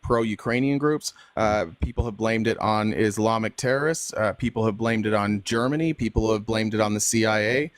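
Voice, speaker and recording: A man's voice: fairly low pitch, normal speed, hardly any pauses, no room sound. A man debating on a live stream, pressing the other side with repeated pointed questions and sarcasm.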